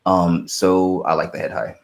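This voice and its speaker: A young man hosting a live stream, casually answering viewer questions in a relaxed, rambling way with lots of fillers and restarts. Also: sits low, normal speed, vocal fry.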